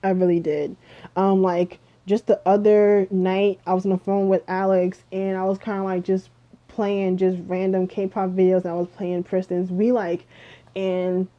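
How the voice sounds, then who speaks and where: Young woman vlogger, sleepy, rambling and chatty, monotone, lo-fi home recording. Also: medium pitch. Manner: chatty, rambling, lots of ums and likes. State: sleepy, yawning. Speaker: K-pop vlogger. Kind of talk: casual review vlog.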